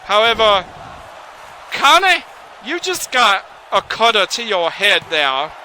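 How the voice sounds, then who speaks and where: A man giving excitable, folksy, rambling play-by-play commentary on a wrestling video game. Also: sits high, takes it slowly, some chatter behind, a little hiss or hum, low-quality recording.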